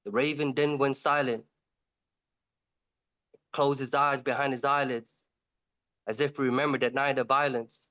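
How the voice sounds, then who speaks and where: A man's voice: mid-range voice, little pitch movement, normal speed, long pauses, a bit bright, lo-fi sound. A man narrating a rhymed fable in a dramatic spoken-word style. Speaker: host reading a poem.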